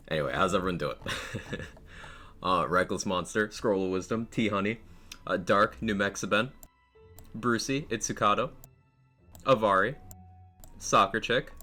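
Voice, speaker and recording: A man's voice: fairly low pitch, sharp tone. A man streaming a game live, chatting casually with his viewers, a little out of breath, laughing often as he greets them one after another. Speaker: game streamer reading chat.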